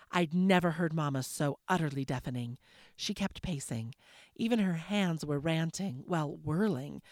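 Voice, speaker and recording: A woman's voice: sits low, no echo, studio quality. A woman hosting a reading show, narrating a novel chapter as an audiobook, casual between chapters.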